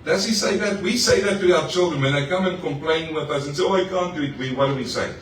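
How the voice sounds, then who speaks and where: Brief: male pastor mid-sermon, animated and chatty, heard from a distance in a roomy church hall with faint room noise. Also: on the high side, quick pace. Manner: lively preaching with playful asides to the congregation. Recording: echoey hall, mic far off.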